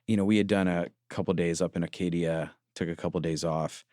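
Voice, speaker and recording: A man with a low voice talks earnestly in a reflective podcast chat, often pausing to find his words. The sound is dry and close, with almost no room around it. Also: steady tone, a little mellow, no echo. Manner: earnest, confessional, searching for words. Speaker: podcast co-host.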